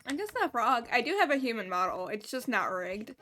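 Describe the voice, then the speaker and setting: A woman's voice: on the high side, sing-song, a little fast, pushed and bright, faint music behind. A woman streaming a cozy game, chatting in a playful, silly, giggly way. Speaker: gaming streamer. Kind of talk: casual live-stream chat.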